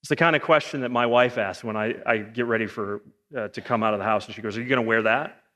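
A man preaching a sermon in a lively, joking way, firing off rhetorical questions. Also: on the low side, fast talker. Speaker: pastor. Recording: long hall reverb.

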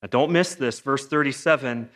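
A man preaching a sermon in a lively, joking way, firing off rhetorical questions. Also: medium pitch, moderate pace. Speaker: pastor. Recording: long hall reverb.

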